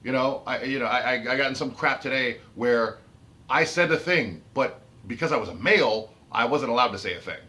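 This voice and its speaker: This autistic vlogger speaks in a mid-range voice with a sharp tone and a brisk pace. He's ranting unscripted to the camera about his autism, emphatic and heated, often restarting and repeating what he says.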